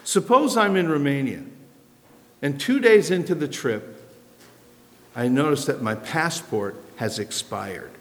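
An American man preaching a sermon in an animated, conversational way, asking rhetorical questions. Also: a little high, measured pace, long pauses. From United States. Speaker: pastor. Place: church sanctuary. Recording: long hall reverb.

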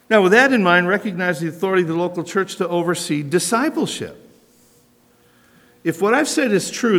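An American man preaching a sermon in an animated, conversational way, asking rhetorical questions. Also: a little high. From United States. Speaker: pastor. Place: church sanctuary. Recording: long hall reverb.

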